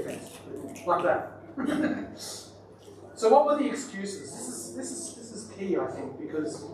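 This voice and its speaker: High-voiced male pastor, casual joking sermon, very echoey distant hall recording with noise. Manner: chatty, joking aside to the congregation. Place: church hall.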